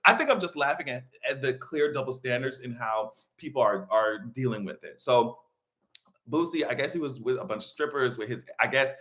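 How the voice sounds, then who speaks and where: Profane, animated live-stream commentator. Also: medium pitch. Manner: profane, animated, laughs often.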